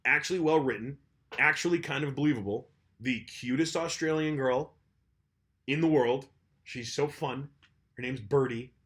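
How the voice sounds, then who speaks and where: A man's voice: mid-range voice, normal speed, fairly bright tone. A young man co-hosting a podcast, chatting casually with loose, crude, joking banter. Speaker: podcast co-host. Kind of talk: casual chat.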